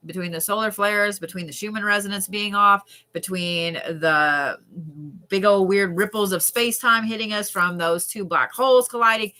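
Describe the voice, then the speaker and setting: A woman's voice: medium pitch, moderate pace, pushed and bright. A woman, doing live card readings and chatting candidly with viewers, swearing casually. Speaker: tarot card reader on a livestream.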